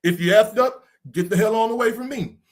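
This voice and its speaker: A man's voice: high-pitched, fairly quick. A man hosting a podcast discussion, talking in a preachy, casual way and swearing now and then. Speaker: podcast host.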